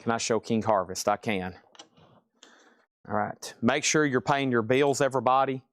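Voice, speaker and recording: A man hosting a live vinyl auction stream, with a middle-pitched, everyday voice. He talks in loose, chatty patter, reeling off album titles and prices one after another. The sound is dry and close, with no room echo. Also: normal speed.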